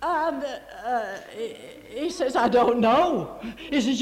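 A woman telling a religious testimony as a story, slow and often laughing. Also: fairly high pitch, animated. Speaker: churchgoer giving testimony.

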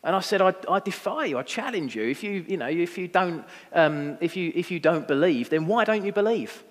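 A young man preaches in a casual, self-deprecating, anecdotal way, full of ums and restarts. His voice sits a little high for a man. It rings out with a long reverb, as in a church hall. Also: animated, fairly quick. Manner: conversational, self-deprecating storytelling with many fillers. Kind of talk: sermon.

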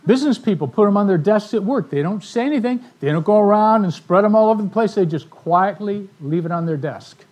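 A man telling stories in a sermon to a live audience, animated, acting out the voices of the people in his stories. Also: high voice, slightly rough. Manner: animated storyteller, acts out quoted voices. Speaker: ministry speaker. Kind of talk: storytelling sermon talk.

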